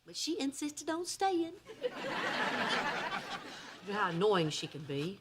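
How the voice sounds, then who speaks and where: A woman's voice: mid-range voice, very animated, measured pace, heavy background noise. A woman playing the wisecracking, sarcastic lead in a sitcom. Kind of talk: sitcom acting.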